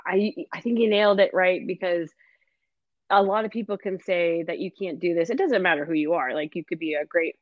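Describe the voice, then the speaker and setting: A woman coach talks in an animated way, laughing often and filling her sentences with "like". Her voice sits a little low and comes through a dull, lo-fi line. The sound is dry and close. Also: dry recording. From Canada. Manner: animated and laughing, fills speech with "like". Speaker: football coach, guest. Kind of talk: casual interview chat.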